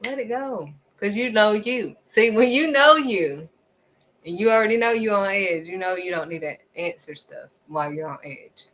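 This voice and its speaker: A woman giving a casual, faith-driven motivational talk, acting out quick back-and-forth exchanges and repeating pointed questions at the listener. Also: mid-range voice, low-quality recording. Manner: animated, acts out little back-and-forth exchanges. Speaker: faith vlogger.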